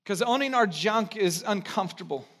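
A pastor delivering an impassioned sermon, repeating phrases for emphasis and swinging between loud, raised passages and hushed, quiet ones. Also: male voice, sits high, expressive. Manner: repeats phrases for emphasis, draws drawn-out quotes.

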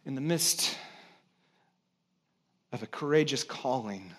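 A pastor preaching a conversational sermon to his church, swinging between loud emphasis and hushed, quiet stretches. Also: medium pitch, animated, takes it slowly.

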